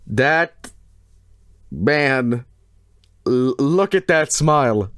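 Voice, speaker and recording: Man streaming, mid-pitched voice, jokey reaction commentary, dry close mic. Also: lively intonation, slow pace, long pauses, no echo. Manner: loud laughing outbursts, joking and exclaiming.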